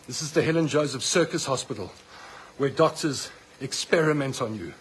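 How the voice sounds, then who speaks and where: A middle-aged South African man, a patient in a hospital ward, angrily films a rant on the phone he holds. His mid-range voice moves at normal speed, sounding roomy as if in a large hall, with slight background noise in the low-quality audio. The South African English delivery is indignant, accusatory and fired up.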